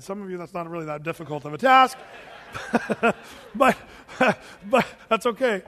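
A man preaching a sermon in a church, telling stories with animated delivery and laughing with the congregation. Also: very high-pitched, moderate pace, long reverb tail. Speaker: pastor. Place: church sanctuary.

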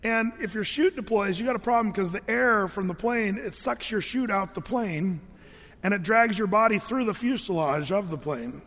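A middle-aged man with a notably high voice tells a funny story from his past in a loose, rambling way, backing up and restarting his sentences. His voice carries into a large hall and trails off in a long reverb. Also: moderate pace, a bit bright. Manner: loose, rambling, self-correcting. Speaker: speaker telling a personal story. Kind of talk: humorous storytelling to an audience.

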